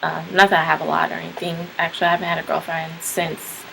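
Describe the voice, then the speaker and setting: A woman's voice: sits low, flat delivery, quick pace, creaky, pushed and bright, slight background noise, poor audio. A young woman casually telling a personal story to camera, rambling with lots of "like" and "um". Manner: rambling, frequent "like" and "um" fillers. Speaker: vlogger.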